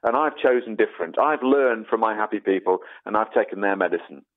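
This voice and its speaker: An Englishman appears as a podcast guest in casual conversation, speaking emphatically and often saying "mate." His voice is on the low side, animated, and a little fast, heard over a phone-like audio line.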